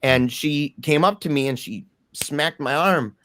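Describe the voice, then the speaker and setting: A man's voice: a little high, unhurried, no echo. Man telling a wild story, slangy. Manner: candid and animated, with slangy asides. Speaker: guest telling his story. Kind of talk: casual personal storytelling.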